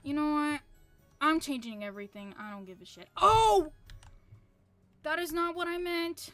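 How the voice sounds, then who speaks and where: A woman's voice: high voice, normal speed, a bit bright, dry recording, faint music behind. A woman streaming a game, chatting casually with a loose, profane, self-mocking manner. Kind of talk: casual live-stream chat.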